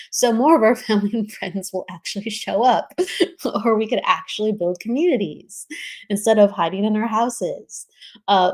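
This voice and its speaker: A chatty woman hosts a livestream, greeting viewers one by one. Her voice sits at an ordinary middle pitch, easy and conversational, with laughter slipping in often. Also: a little mellow. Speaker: livestream host. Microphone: streaming setup, remote.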